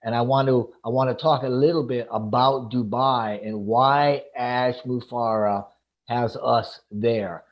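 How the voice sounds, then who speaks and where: A man speaking as a guest on a livestream, excited and often searching for words. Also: mid-range voice, measured pace. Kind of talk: enthusiastic casual talk.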